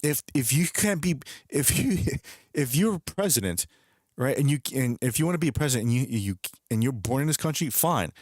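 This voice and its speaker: A man's voice: medium pitch, lively intonation, normal speed, a little mellow, dry recording, studio quality. A young man livestreaming, talking in a heated, profane rant, stumbling and restarting his sentences. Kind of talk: casual chat.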